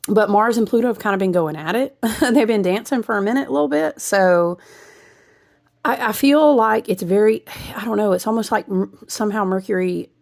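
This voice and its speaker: A woman's voice: medium pitch, normal speed, gravelly, darkish tone. A woman giving a rambling, intuitive spiritual astrology reading, breaking into asides and laughs. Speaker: astrology reader.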